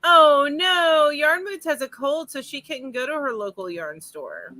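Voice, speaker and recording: A woman co-hosting a casual crochet livestream over a video call, chatty and quick to laugh. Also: high voice, sing-song, sharp tone, no room sound. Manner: bubbly, laughs often, chatty asides.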